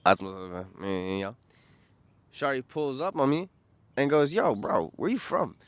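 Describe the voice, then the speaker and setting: A young man from New York with a New York accent, rambling casually and excitably about a trip, slangy and profane, losing his train of thought. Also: mid-range voice, moderate pace, clean tone, dry recording. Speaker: vlogger.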